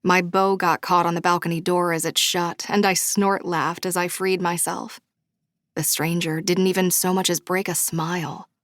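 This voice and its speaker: A woman narrating a romance audiobook in first person, bubbly and expressive. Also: fairly low pitch, normal speed, dry recording, studio quality. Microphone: studio microphone.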